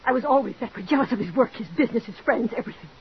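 A desperate jealous wife. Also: female voice, on the high side, lively intonation, rapid-fire, husky. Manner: pleading, overwrought, breathless. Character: desperate jealous married woman, Mrs. Bradley. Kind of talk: 1940s radio drama acting. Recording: dull old radio recording.

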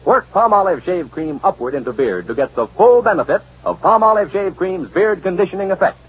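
A man's voice: sits high, expressive, brisk, slightly rough. A man announcing a commercial in an emphatic, salesy way. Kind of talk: radio ad read. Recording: dull old radio broadcast.

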